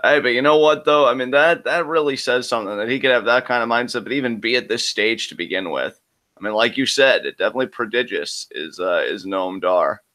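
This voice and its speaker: On a live wrestling reaction show, a male co-host picks apart what he watches and works through predictions, leaning on "I mean" again and again. His medium-pitched voice is fairly quick with a sharp tone.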